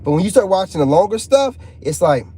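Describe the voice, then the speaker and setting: This channel host talks to his live chat in a high, mellow voice with big swings in pitch, moving a little fast. He stays relaxed and jokey while reading viewers' comments out loud, and there's slight background noise.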